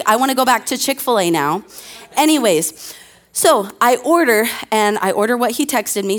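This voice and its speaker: Chatty woman pastor preaching on stage. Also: medium pitch. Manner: chatty, self-deprecating storytelling with fillers. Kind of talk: conversational sermon. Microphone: handheld mic.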